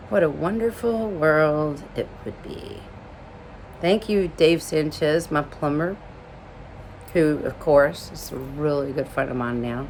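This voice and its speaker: A woman's voice: low-pitched, expressive, slow pace, slight background noise. A woman from Alabama casually telling a personal story to camera, emotional and rambling, with many "like" fillers.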